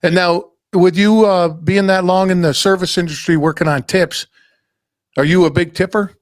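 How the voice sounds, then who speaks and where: A man's voice: sits high, steady tone, normal speed, no echo, clean studio sound. A man hosting a casual podcast conversation, blunt and profane, joking with his guest. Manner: profane, blunt, joking, says dude a lot. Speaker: podcast host.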